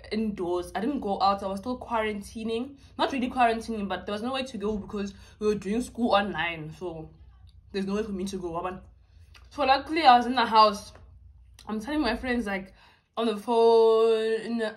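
Bubbly young woman vlogging. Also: on the high side. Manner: bubbly and chatty, with drawn-out words. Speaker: YouTuber. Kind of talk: casual mukbang chat.

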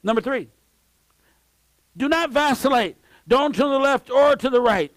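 A man preaching a sermon as pastor, emphatic and swinging between shouts and low asides, repeating key phrases and exclaiming praise. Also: animated, unhurried, dry recording. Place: church sanctuary.

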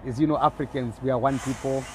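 A man's voice: mid-range voice, fairly even intonation, fast talker, a little hiss or hum. A middle-aged man from Zimbabwe with a Zimbabwean accent, hosting a live stream in teasing, rambling chat, greeting viewers by name and talking into his phone.

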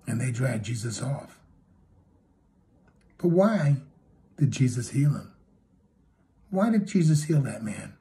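A man preaching a sermon, retelling a story with acted quotes and swinging between loud and hushed delivery. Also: medium pitch, sing-song, takes it slowly, long pauses.

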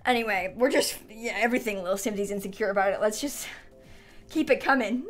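A woman's voice: medium pitch, fairly quick, faint music behind. A young woman hosting a gaming stream at home, chatting in a playful, dramatic, teasing way. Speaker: streamer host. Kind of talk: casual chat while gaming.

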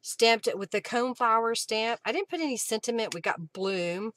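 Reading viewer comments aloud and laughing frequently, a woman runs a casual live craft session. She speaks at a moderate pace in a fairly high, fairly bright voice.

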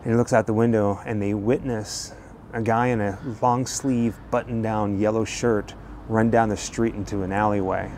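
A man hosting a true crime show, telling the story in a steady narrative style while walking outdoors on a residential street. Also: lowish voice, moderate pace, slight background noise. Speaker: true crime channel host.

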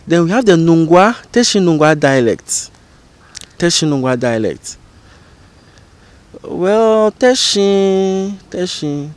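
A man teaching an informal lesson as a channel host, explaining slowly and repeating example phrases. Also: a little high. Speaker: language educator and channel host.

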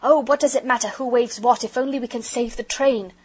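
A woman's voice: fairly high pitch, steady tone, fairly quick, a little mellow, husky, pitched above the performer's own voice. A woman voicing a brave but frightened young girl, with pleading, desperate cries.

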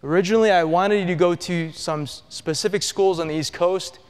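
Middle-aged man with a smooth, slightly high voice giving an earnest testimony in a big echoing hall. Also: a little fast. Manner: earnest storytelling, dropping low and soft on painful memories. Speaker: professor giving a personal testimony. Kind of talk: testimony talk to an audience. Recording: long hall reverb.

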